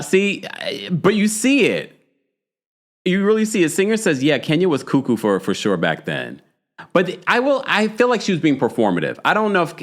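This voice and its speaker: A man hosting a live reality TV recap stream, chatting casually and reading out viewer comments. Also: medium pitch. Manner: chatty and animated, with frequent fillers and asides to viewers. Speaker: host of a reality TV recap livestream.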